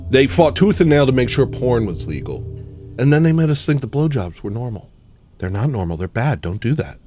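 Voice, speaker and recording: A man ranting in a rambling, jokey monologue on a livestream, swinging from shouting to muttering. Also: medium pitch, very animated, a little fast, soft background music. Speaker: livestream host.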